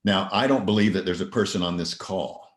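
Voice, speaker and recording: A man with a very low voice giving an earnest motivational talk, mixing personal stories with rhetorical questions. His voice rings a little in an echoey room. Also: a little fast. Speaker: motivational speaker. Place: virtual event presentation.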